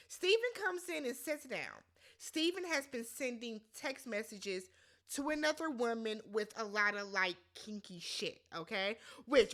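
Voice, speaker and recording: A woman hosting a casual recap show, talking bluntly and emphatically, swearing freely and slipping into quick imitations of the people she discusses. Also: a little high. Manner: animated and emphatic, blunt and profane, quick to mimic others. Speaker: reality show recap host.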